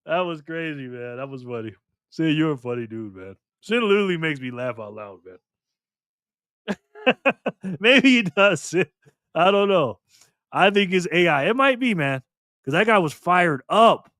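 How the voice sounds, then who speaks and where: A man's voice: on the high side, sing-song, a little slow, fairly bright tone, smooth, dry recording, studio quality. A man hosting a casual live stream, chatting loosely with viewers and laughing easily. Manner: laid-back, chatty, laughs often, greets viewers.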